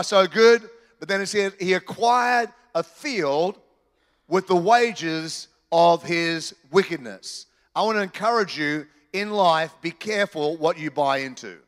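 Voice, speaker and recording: A man preaching a sermon in church, animated and joking with the congregation. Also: sits high, long reverb tail. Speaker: pastor. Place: church hall.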